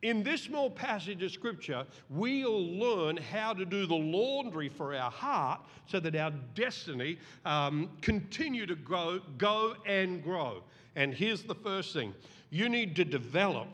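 A middle-aged man preaching a sermon as pastor, animated and acting out voices in the story. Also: high-pitched, measured pace. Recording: long reverb of a large hall.

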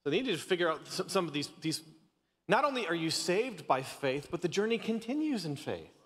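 A Canadian pastor in his thirties delivers a casual, joke-filled sermon in a church sanctuary, frequently stumbling and starting his sentences over. His voice is high-pitched with big swings in pitch, the pace runs a little fast, and a long reverb tail trails behind him.

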